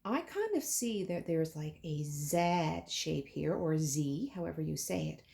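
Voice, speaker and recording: A woman teaching a children's music lesson, speaking slowly and encouragingly to young children. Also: deep voice, lively intonation, gravelly, darkish tone.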